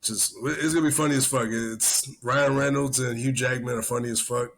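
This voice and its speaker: A man's voice: mid-range voice, steady tone, fairly quick, fairly bright tone. A man hosting a podcast in casual chat, rambling and swearing constantly as he tells stories. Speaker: podcast host, army veteran.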